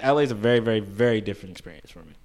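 A man's voice: lowish voice, very fast, a little mellow. A man from Brooklyn with a New York accent, chatting animatedly as a podcast guest and laughing often. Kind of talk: casual podcast chat.

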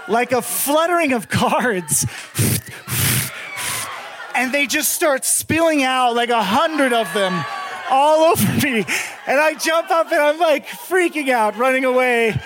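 A man doing stand-up, telling a long story to a live audience in a profane, excitable way that swings from muttered asides to shouted bursts. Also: extremely high pitch. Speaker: stand-up comedian.

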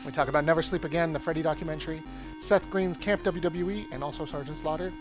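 A man's voice: fairly high pitch, steady tone, fast talker, over music. A man co-hosting a podcast in casual chat, throwing in short dry quips. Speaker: podcast co-host.

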